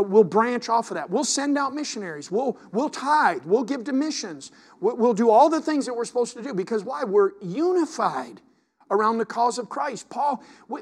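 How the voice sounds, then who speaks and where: A male pastor preaching a sermon, reading scripture aloud, repeating words, and asking his congregation questions. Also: very high-pitched. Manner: repeats words and restarts sentences.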